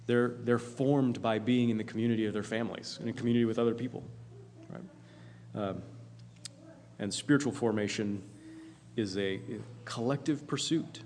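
A man's voice: mid-range voice, steady tone, moderate pace, darkish tone. Earnest preacher man in a reverberant hall. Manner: earnest, emphatic, with repeats and fillers. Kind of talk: sermon.

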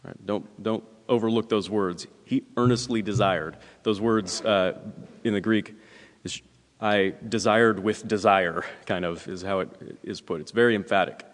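A man with a lowish voice preaches a sermon in an easy, conversational way, checking in with the congregation and filling his pauses. His voice carries a long reverb from a church sanctuary. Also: fairly even intonation. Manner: conversational preaching with frequent "right?" and "uh" fillers. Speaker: pastor.

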